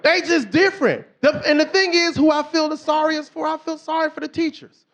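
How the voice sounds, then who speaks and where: A middle-aged man with a very high-pitched voice performs stand-up on a club stage at a fairly quick clip. His stories are animated, and he slips into different voices when quoting people.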